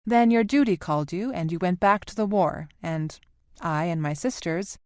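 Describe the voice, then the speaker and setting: A woman voicing a gentle, somewhat nervous motherly woman speaking earnestly, in an audiobook. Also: on the low side, moderate pace, no echo, clean studio sound, close to an everyday voice.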